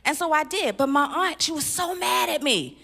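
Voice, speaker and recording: Bright, punchy woman doing stand-up. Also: high voice, moderate pace. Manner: punchy, animated delivery with sudden loud exclamations. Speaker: stand-up comedian. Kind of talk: stand-up comedy set. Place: live stage at a church event.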